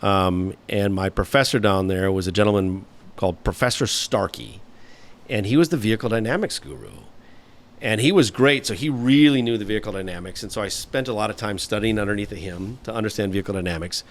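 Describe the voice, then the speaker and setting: Low-voiced man telling long anecdotes. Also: brisk. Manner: rambling, anecdotal, frequent "you know" fillers. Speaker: guest, former automotive engineer. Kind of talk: storytelling interview answers.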